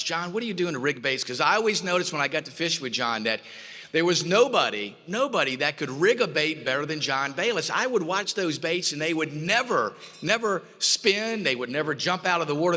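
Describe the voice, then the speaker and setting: A man with a fairly high, bright, forceful voice tells folksy stories at an awards dinner. He acts out the quoted lines as he goes. His voice rings with long reverb through a hotel ballroom. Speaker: award presenter.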